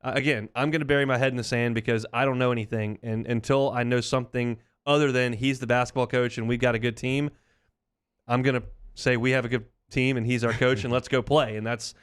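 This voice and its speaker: A man's voice: medium pitch, steady tone, a little fast, clear, resonant tone. A man hosting a sports talk radio show, chatting in an opinionated, conversational way.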